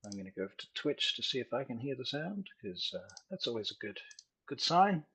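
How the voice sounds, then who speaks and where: A man running a tabletop role-playing game as game master, casual and joking, slowing down to set scenes. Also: mid-range voice, sing-song, pushed and bright, a little hiss or hum. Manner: casual, joking, with slow vivid scene-setting.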